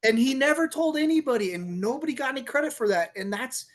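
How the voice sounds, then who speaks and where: A middle-aged man, a police officer turned author, telling a story on a podcast in a lively, laughing way and acting out the quotes. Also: extremely high pitch, quick pace. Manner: animated storyteller, laughs often, acts out quotes. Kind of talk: casual storytelling interview.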